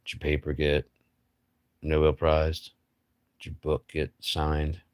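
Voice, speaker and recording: A man's voice: extremely low pitch, completely flat delivery, slow pace, clean tone, no echo, clean studio sound. A man hosting a livestream, rambling through a blunt, profane philosophical monologue full of rhetorical questions and mocking asides. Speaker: livestream host.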